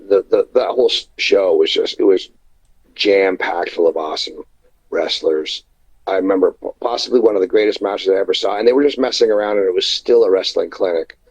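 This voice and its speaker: A man with a low, husky voice rambles through an old anecdote in a casual interview. He stops, restarts and fills gaps with "uh" as he remembers. The sound is dull and lo-fi, like a remote call. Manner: rambling, halting anecdotes with many fillers. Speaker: wrestler guest. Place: indoors at night, remote call.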